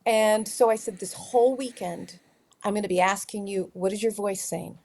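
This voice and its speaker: Animated middle-aged woman telling stories. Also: mid-range voice, moderate pace, vocal fry. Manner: animated storyteller acting out dialogue. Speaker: guest, teen leadership trainer. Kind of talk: conversational interview storytelling.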